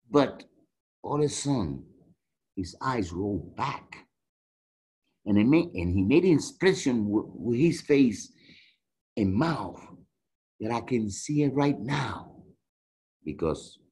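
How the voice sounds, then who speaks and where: A man, his tongue, gives personal testimony over a video call. His voice swings widely in pitch, booming on some phrases and falling almost to a murmur on others. The delivery is raw and emotional. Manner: emotional storytelling with big swings between loud and hushed. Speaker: guest speaker, death row exoneree.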